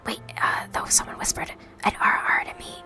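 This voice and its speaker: A woman's voice: brisk, bright, forceful tone. A woman streamer in whispered role-play, reading game dialogue aloud and answering chat in a whisper. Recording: music playing behind the whisper.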